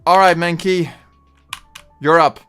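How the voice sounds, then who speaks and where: A man with a Dutch accent chatting through a live game stream, rambling and getting loudly frustrated at times. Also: a little high, fairly even intonation, takes it slowly, clear, resonant tone, soft background music. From Netherlands. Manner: chatty, bursts of frustration, trailing off.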